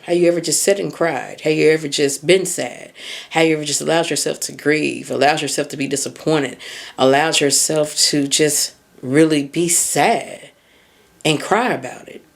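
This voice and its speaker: A woman's voice: deep voice, moderate pace, creaky. A woman hosting a casual solo podcast on self-growth, talking candidly, swearing freely and putting reflective questions to the listener. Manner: candid and conversational, swears freely, laughs at herself. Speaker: podcast host.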